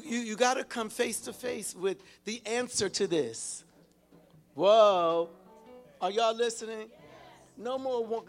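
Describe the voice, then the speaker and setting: High-voiced preacher calling out to his flock. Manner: calls out to the congregation with repeated "hello?" and "whoa"; halting, repeats words while searching for them. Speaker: pastor and Bible teacher. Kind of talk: interactive teaching sermon.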